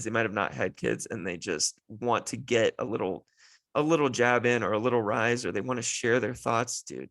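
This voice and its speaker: A worn-out man in his thirties hosts his own podcast, venting about parenting with dry sarcasm. His voice has a gravelly edge, recorded close and dry with no room sound. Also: medium pitch, a bit bright, no room sound. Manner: exasperated, sarcastic storytelling. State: tired, run down. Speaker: podcast host and father. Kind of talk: solo podcast monologue.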